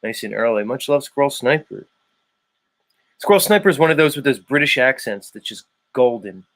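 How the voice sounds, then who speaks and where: A man with a South Philadelphia accent hosting a live stream, chatting casually with viewers in a playful way, swinging his pitch and volume and drawing out words. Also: animated, normal speed, a bit bright, no room sound. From United States. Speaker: live show host.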